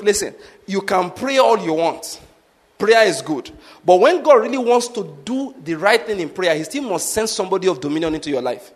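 A pastor with a high voice delivers a sermon. He teaches through practical examples and keeps checking whether his listeners follow him. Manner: repeatedly asks the congregation if they follow.

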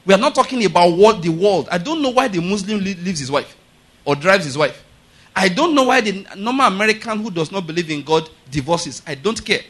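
With a high, bright voice, a middle-aged pastor preaches a sermon in an animated, slightly fast, emphatic style. He keeps halting to ask if the congregation follows, and he repeats his points with firmness.

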